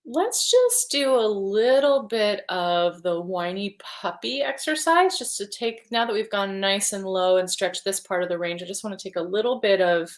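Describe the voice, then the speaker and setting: A woman leading a livestreamed vocal warm-up as a vocal coach, chatting in a relaxed, encouraging way between exercises. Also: medium pitch, moderate pace, hardly any pauses.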